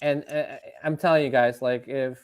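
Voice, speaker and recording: A man's voice: medium pitch, moderate pace, dry recording. A man hosting a podcast in casual chat, laughing often and talking loosely with fillers. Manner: laughing, animated, loose filler-heavy talk. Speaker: podcast host.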